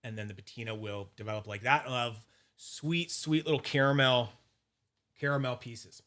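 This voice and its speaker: A man's voice: medium pitch, steady tone, fairly bright tone. A man hosting a casual livestream, rambling and cursing while he demonstrates polishing and reads viewers' names from the chat. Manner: frequent restarts and fillers, quick asides. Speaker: fidget collector channel host.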